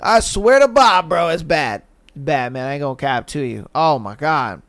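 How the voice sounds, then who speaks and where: A slangy man hosts a podcast, chatting loosely and reacting to listener stories with a lot of swearing. His voice sits high and sounds smooth and clear, and the recording is dry and close. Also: moderate pace, no room sound. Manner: slangy, animated, swearing, laughs at his own jokes. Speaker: podcast host. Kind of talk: casual podcast chat reading listener stories.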